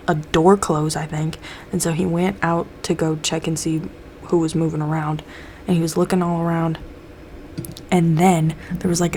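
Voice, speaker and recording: A young woman chats through a TV episode recap in a loose, profane way, jumping into the characters' lines as she goes. Her voice sits a little low, and a faint hiss of background noise runs under it. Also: a little mellow. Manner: loose, swears a lot, acts out characters' lines. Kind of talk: casual recap chat.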